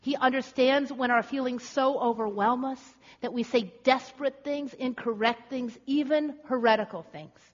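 Higher-voiced woman preaching in an echoey hall. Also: moderate pace, few pauses. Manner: dramatic, rhetorical, building emphasis. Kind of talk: sermon. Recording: echoey hall, slightly dull.

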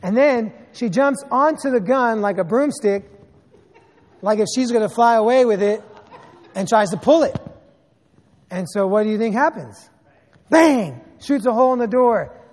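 A man in his thirties preaching a sermon as a pastor, telling stories in an animated way with sarcastic asides. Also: very high-pitched, moderate pace, pauses often, in a large hall.

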